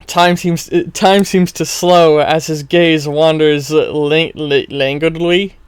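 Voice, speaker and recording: A man's voice: on the high side, fairly even intonation, slow, clear, resonant tone, dry recording. Brief: man game master narrating, trips over words and mocks himself, resonant tone, dry close sound. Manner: stumbling, self-mocking, chuckling. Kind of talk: narrating a role-play story.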